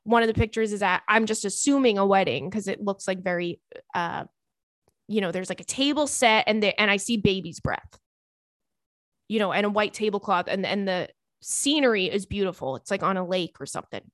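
A young woman hosting a podcast, reading listener emails and chatting in a gossipy, animated way, full of "girl" and "like". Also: medium pitch, a little fast, no room sound. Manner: gossipy, animated, swearing, says "girl" and "like" often. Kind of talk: casual chat.

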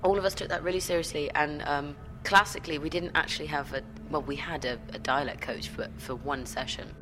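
A young woman, an actor, chatting in an interview and telling animated stories with frequent laughter. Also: low-pitched, a little fast. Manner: animated storytelling, laughing often. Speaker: actor guest. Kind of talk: interview chat.

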